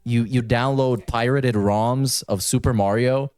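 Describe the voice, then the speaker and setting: A man sits on a dry, close sound and mocks the video he is watching. His voice stays mid-pitched, and he drops sarcastic jabs and casual curses. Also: steady tone, a little slow, darkish tone, smooth, no echo. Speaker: streamer reacting to a video. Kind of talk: mocking reaction commentary.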